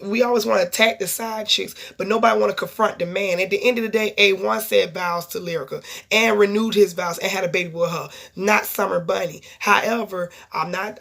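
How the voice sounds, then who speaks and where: A woman's voice: medium pitch, creaky. A woman casually recapping a reality TV episode in a blunt, profane, gossipy way, telling the story with lots of asides. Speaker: TV show reviewer.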